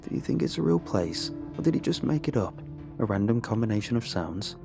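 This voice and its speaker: A man's voice: lowish voice, sing-song, a little fast, gravelly. A man voicing a puzzled fellow ranger who asks questions in a lifted voice. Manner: wondering, questioning. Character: puzzled male park ranger, curious. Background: background music.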